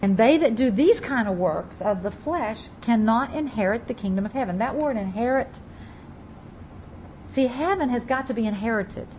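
A woman's voice: on the high side, darkish tone, slight background noise, rough recording. Woman preacher, Bible teaching sermon, emphatic, repeats key words, reads scripture aloud, faint background ambience. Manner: reads scripture aloud in King James wording.

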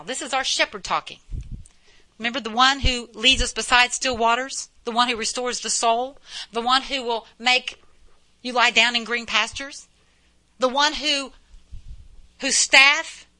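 Bright high-voiced woman preacher. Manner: folksy preaching, rhetorical questions and repetition. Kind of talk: sermon.

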